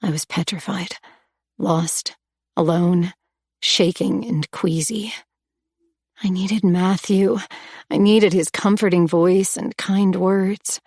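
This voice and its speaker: A woman's voice: mid-range voice, steady tone, slow pace, a little mellow, no echo, studio quality. A woman reading a first-person story aloud with emotional, tense delivery. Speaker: audiobook narrator. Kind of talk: first-person audiobook narration.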